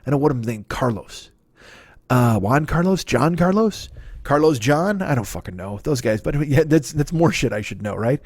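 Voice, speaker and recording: A man's voice: mid-range voice, expressive, normal speed, a little mellow, breathy edge, dry recording. A man hosting his own comedy podcast, riffing in a rambling, profane monologue that keeps correcting itself. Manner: profane, digressive, self-correcting.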